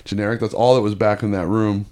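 A man's voice: fairly low pitch, little pitch movement, fast, a little mellow. A man as a podcast guest, telling a casual, profane story that rambles and restarts often.

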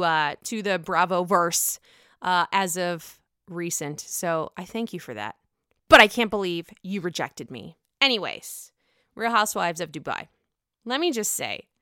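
A woman's voice: medium pitch, bright, forceful tone, clear, resonant tone, dry recording, clean studio sound. A woman casually recapping a reality TV episode in a gossipy, blunt way, swearing freely.

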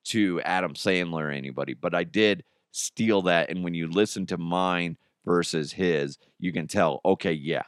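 A man's voice: sits low, moderate pace, few pauses, clear, resonant tone, no echo, clean studio sound. A man hosting a podcast in casual, rambling chat, mocking himself and laughing often. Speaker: podcast host.

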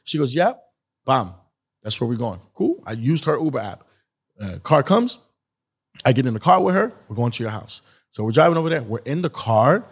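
A man's voice: mid-range voice, normal speed, husky. Man telling a rambling story. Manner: rambling, animated, acts out quotes. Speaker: guest, skit creator. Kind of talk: casual storytelling.

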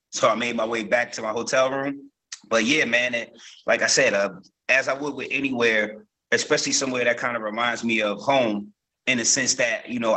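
A man's voice: medium pitch, pushed and bright, low-quality recording. A man from Newark, a guest actor, telling stories in a casual interview, loose and rambling with many fillers and restarts. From Newark, New Jersey.

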